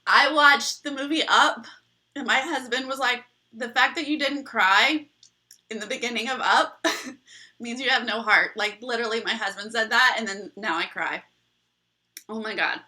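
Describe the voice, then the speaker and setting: A woman's voice: fairly high pitch, moderate pace, pushed and bright. A young woman hosting a casual live chat with her viewers, bubbly and rambling, laughing often. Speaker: livestream host.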